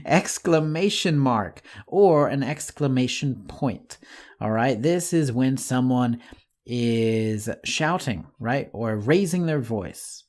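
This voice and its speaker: A man teaching an online English lesson in a friendly, patient way, speaking slowly and clearly to the viewer. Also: mid-range voice, animated, darkish tone.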